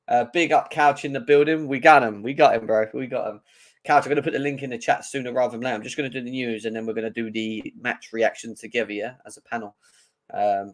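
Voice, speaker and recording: An excitable man hosts a casual fan livestream, chatting straight to his viewers. He reels off news in a loose, chatty way and greets people in the chat by name. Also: mid-range voice. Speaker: livestream host.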